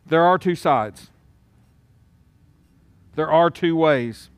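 A man preaching a sermon, moving from hushed and solemn to loud, urgent pleading. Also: on the high side, drawn-out words, long pauses, clean tone, no room sound. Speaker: pastor.

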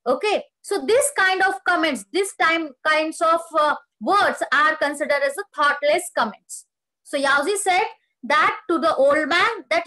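A woman's voice: very high voice, lively intonation, measured pace, pushed and bright, low-quality recording. A woman teaching a lesson, retelling a story line by line, asking questions and explaining the meaning of words. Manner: explains words and asks questions, rereads quoted lines.

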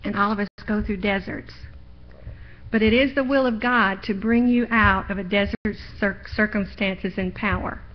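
Over a lo-fi live stream, a middle-aged woman preaches in church with a medium-pitched, fairly even voice at a moderate pace. She speaks in a folksy way about her own testimony, building force as she presses her points.

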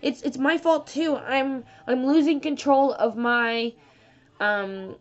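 A young woman with a higher voice pours out a rambling, emotional confessional vlog, circling back and restarting her sentences. The audio is dull and lo-fi. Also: slow. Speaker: vlogger.

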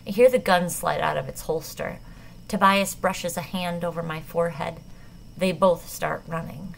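A woman narrating a novel in the first person, measured and tense. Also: lowish voice, steady tone, gravelly, a little hiss or hum, rough recording. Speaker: audiobook narrator.

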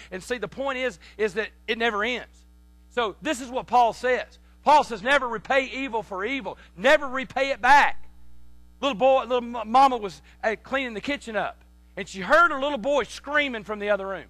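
A pastor preaching a sermon, animated, with repeated words and sudden loud emphasis, telling folksy family stories. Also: male voice, very high-pitched, moderate pace, no room sound. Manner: tells folksy family anecdotes. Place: church sanctuary.

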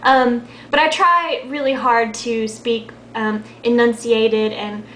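A soft-spoken young woman from Texas with a light Texan accent and a high-pitched voice, chatting casually to her camera. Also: slow, a little hiss or hum. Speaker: vlogger. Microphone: built-in camera mic. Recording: echoey room.

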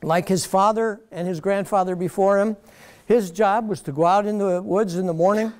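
Animated, higher-voiced man giving a lecture. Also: moderate pace. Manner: animated storyteller, mocking quoted critics. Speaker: guest lecturer. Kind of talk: public lecture storytelling. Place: lecture hall.

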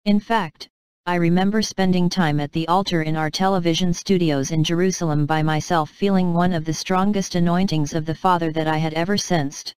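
A woman's voice: on the low side, steady tone, brisk, darkish tone, smooth, no echo, low-quality recording. Earnest woman reading her devotional memoir. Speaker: author narrating her own book. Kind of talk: devotional audiobook narration.

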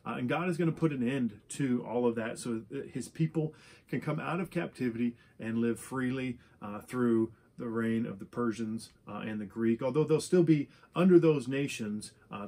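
A man's voice: medium pitch, moderate pace, mellow. A man teaching a Bible study, reading scripture verses aloud and explaining them with frequent "uh" fillers and restarts. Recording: church service recording.

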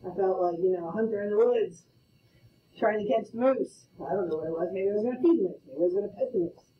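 A woman's voice: medium pitch, lively intonation, fast, slight background noise. A middle-aged woman teaching a math class, playful and storytelling, often checking in with "okay?". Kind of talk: classroom lecture. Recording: roomy, distant, muffled classroom audio.

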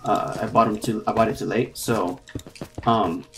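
A young adult in their twenties hosting a casual gameplay chat, excitable and quick to yelp when startled. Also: medium pitch. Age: 20s. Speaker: gaming channel host. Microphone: computer mic with clicking keys.

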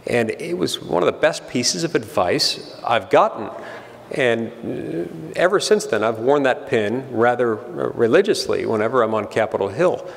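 Gravelly man speaking in a large hall. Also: mid-range voice, expressive, moderate pace. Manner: dry self-deprecating storytelling. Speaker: senator giving a speech. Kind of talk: humorous public speech. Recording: long hall reverb.

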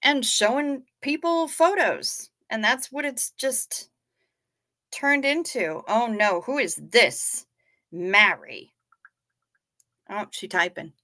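A woman with a Midwestern American accent hosts a livestream, chatting casually as she reacts to viewer photos. Her voice is bright and lively, and she talks at an easy, unhurried pace. She sounds playful and gushing. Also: fairly high pitch. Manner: gushing, playful, laid-back. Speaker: livestream host. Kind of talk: casual chat reading viewer comments.

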